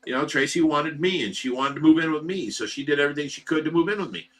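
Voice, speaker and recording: A man's voice: a little high, fast, fairly bright tone. A man in his thirties from Ohio, hosting a livestream and telling a long personal story in a rambling way, full of fillers, restarts and repeated phrases. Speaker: livestream host. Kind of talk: casual storytelling to viewers. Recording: voice some distance from the mic.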